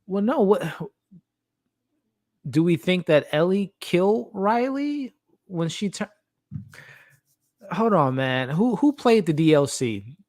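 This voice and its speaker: A man's voice: a little high, no echo, clean studio sound. A man hosting a live reaction stream, talking candidly and chatting directly with his viewers. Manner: candid, chatty, talks straight to the live chat. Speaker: host.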